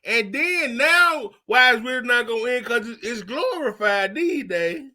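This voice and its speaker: A man's voice: extremely high pitch, animated, unhurried, pushed and bright. A man co-hosting a podcast in casual chat, emphatic and repeating words for emphasis. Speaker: podcast co-host.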